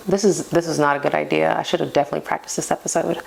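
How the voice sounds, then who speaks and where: Low, gravelly-voiced woman podcast host. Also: fairly even intonation, very fast, hardly any pauses, a little hiss or hum. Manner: playful and self-mocking, laughs at herself. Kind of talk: casual solo podcast talk.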